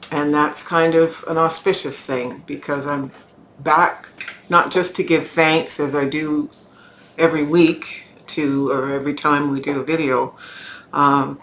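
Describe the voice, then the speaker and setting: A woman giving a weekly tarot card reading in a slow, reflective, spiritual manner. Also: sits low, a bit bright, a little hiss or hum. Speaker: tarot reader.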